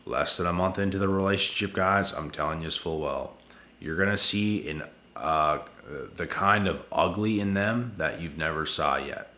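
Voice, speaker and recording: A man's voice: low voice, moderate pace, sharp tone, echoey room. A man hosting his channel, giving relationship advice in a blunt, repetitive casual monologue late at night, sounding tired and talking to viewers as guys and bro. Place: at home indoors.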